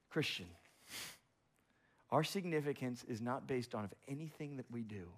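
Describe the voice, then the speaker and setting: A man's voice: medium pitch, moderate pace. A man preaching a sermon as pastor, driving his points home with repetition and rhetorical questions.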